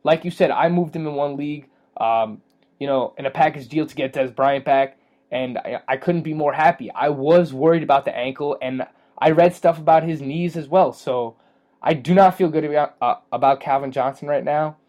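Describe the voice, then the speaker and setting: Man, fantasy football co-host, slightly high voice, casual rambling chat, jokes around. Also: darkish tone. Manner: jokey, quick to laugh, rambling with fillers.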